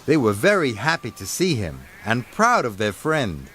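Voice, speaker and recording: A man reads a children's storybook aloud, his voice mid-pitched for a man. His intonation is animated and sing-song, and music plays under the narration. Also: normal speed. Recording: narration over background music.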